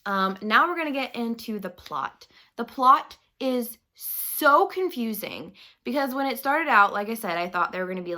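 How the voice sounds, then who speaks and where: A woman's voice: medium pitch, sharp tone. A young woman giving a casual book-review rant on her vlog, chatty, swearing freely and saying "like" constantly.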